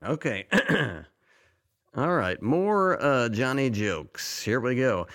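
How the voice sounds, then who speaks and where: A man with a middle-pitched voice, co-hosting a casual comedy chat and reading out monologue jokes. He laughs at his own lines and runs himself down between them. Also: big pitch swings, very slow, a bit bright. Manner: self-deprecating, chuckling at own jokes. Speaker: podcast co-host.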